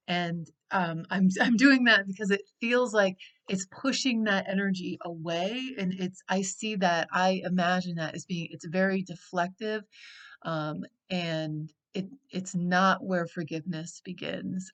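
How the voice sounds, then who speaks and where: Woman, middle-aged, life coach, somewhat low voice, slow reflective teaching talk, many pauses.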